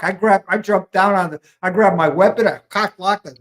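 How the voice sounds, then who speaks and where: A man's voice: high-pitched, a little fast, few pauses, low-quality recording. An American man, a veteran and former maintenance platoon sergeant, telling war stories casually and acting out the quotes. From United States. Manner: animated storyteller who acts out quotes. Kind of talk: casual storytelling.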